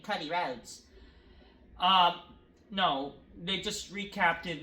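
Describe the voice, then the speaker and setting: A woman's voice: a little high, sharp tone. Profane, exasperated woman ranting in a roomy space. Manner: sarcastic. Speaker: wrestling show reviewer. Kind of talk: casual review rant. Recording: roomy echo.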